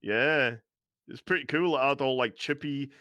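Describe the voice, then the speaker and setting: A man's voice: medium pitch, normal speed, sharp tone, dry recording, dull audio. A man with a slight Scouse accent chatting casually on a live stream, rambling and laughing often as a guest. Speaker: guest game maker.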